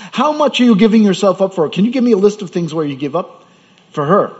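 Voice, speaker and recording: A man's voice: high-pitched, expressive, fairly quick, a little mellow. A man preaching a sermon as pastor, in a conversational way with rhetorical questions. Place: church. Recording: dull sound with hall reverb.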